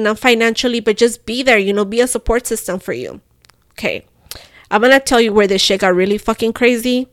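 A young woman, telling a story on a podcast in an animated, profane way and slipping into phrases. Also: mid-range voice, no room sound, studio quality. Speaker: podcast co-host. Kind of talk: casual storytelling chat.

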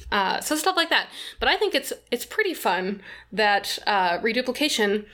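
A woman's voice: fairly high pitch, very animated, normal speed, sharp tone. Chatty young woman explaining word origins. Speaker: podcast co-host. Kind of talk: casual chat.

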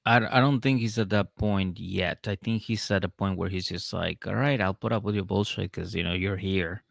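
Laid-back male co-host, low and gravelly, close dry mic. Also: normal speed, no room sound. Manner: laid-back, short reactions, laughs often. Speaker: podcast co-host. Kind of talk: casual chat.

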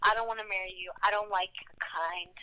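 A woman chatting casually as a guest, recounting funny stories with deadpan delivery. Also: medium pitch, a little fast, rough recording. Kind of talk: casual chat.

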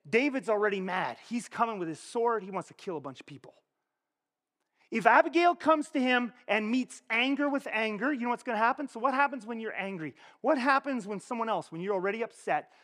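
Man, high voice, pastor preaching, lively rhetorical questions, echoing church hall. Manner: animated, conversational preaching with frequent rhetorical questions. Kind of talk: sermon. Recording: long reverb of a church hall.

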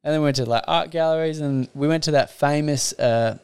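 A young man hosts a podcast in an easygoing, chatty way. His voice is smooth and resonant, and he trades his own stories with his guest at a relaxed pace. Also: a little high, brisk. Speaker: podcast host. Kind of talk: casual interview chat.

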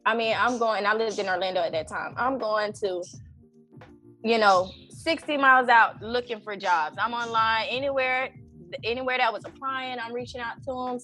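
A woman in her thirties telling a personal story in casual conversation, animated and acting out her own prayers with lots of "you know". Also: fairly high pitch, normal speed, soft background music. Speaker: event organizer and guest.

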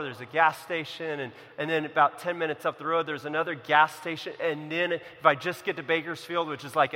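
A young man preaching a sermon, telling a personal story and swinging from loud emphasis to hushed, quiet lines. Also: fairly high pitch. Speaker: pastor. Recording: hall reverb.

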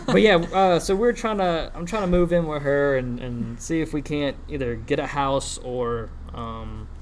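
A man's voice: fairly high pitch, a little slow, slight background noise. A man from New Orleans with a Louisiana accent, co-hosting a casual podcast in a laid-back, giggly, rambling way. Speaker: podcast co-host. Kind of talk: casual chat.

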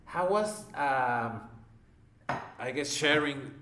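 A man's voice: mid-range voice, expressive, extremely slow, roomy sound, background noise. A man hosting a casual interview over a call, hesitating and searching for English words. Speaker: podcast host. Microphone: remote call mic.

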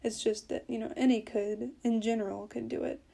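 A woman talks through a casual language lesson as the host of her own podcast. Her tone is mellow and warm, set a little high, and she fills her explanations with easygoing fillers. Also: steady tone, brisk, vocal fry. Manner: chatty, explains with many fillers. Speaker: podcast host teaching Portuguese.

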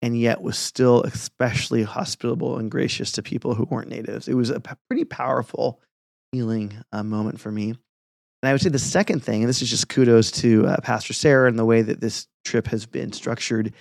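A middle-aged man, a pastor, chatting and telling stories in an earnest, relaxed way. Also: mid-range voice, fairly quick, gravelly, no echo, clean studio sound. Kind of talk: casual podcast chat.

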